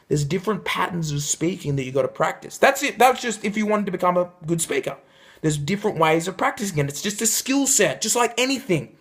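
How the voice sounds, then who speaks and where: A young man coaching viewers in an emphatic motivational talk to camera, shifting his pitch for effect. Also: animated, brisk. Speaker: life coach.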